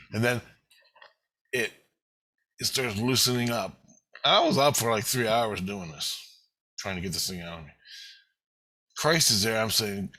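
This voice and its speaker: On a rough recording, a man in his fifties vlogs about a spiritual experience he went through, rambling in the first person with heavy swearing and raw emotional intensity. His voice is lowish with a sharp tone.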